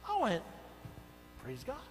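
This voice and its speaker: An older man, a senior pastor, preaching a sermon, telling stories and swinging between soft asides and loud emphatic bursts. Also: high-pitched, wildly swooping pitch, slow pace, in a large hall, soft background music, rough recording. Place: church sanctuary.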